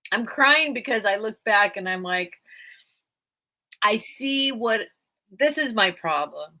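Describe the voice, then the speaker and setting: A woman's voice: on the high side, lively intonation, slow pace, pushed and bright. A woman hosting a casual live-stream sale from home, chatty and rambling, often thanking her viewers.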